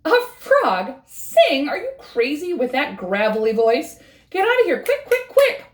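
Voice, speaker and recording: A woman's voice: a little high, very animated, measured pace, reverberant. A woman voicing a bossy, impatient male fox who runs a concert, in a storybook reading. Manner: brusque, impatient.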